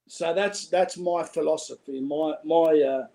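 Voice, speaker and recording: A man's voice: a little high, unhurried, creaky, crowd noise. A man with an Australian accent, a guest calling in, talking in a rambling, chatty way and swearing freely. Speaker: call-in guest. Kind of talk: casual chat.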